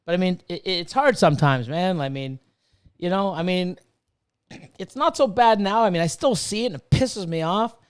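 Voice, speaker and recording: A man's voice: sits high, moderate pace, smooth. Profane ranting fifty-year-old man. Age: 50s. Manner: profane, ranting, reads chat aloud. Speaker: livestream host and snake breeder. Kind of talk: casual livestream chat.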